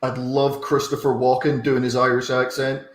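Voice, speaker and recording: Rambling comedian in an echoey room. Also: male voice, medium pitch, flat delivery, moderate pace. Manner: rambling, self-interrupting. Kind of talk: casual chat.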